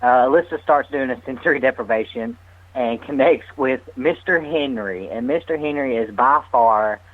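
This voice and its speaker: A man telling an animated, laughing story as a guest on a radio talk show. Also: mid-range voice, moderate pace, phone-quality sound. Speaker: guest medium's partner.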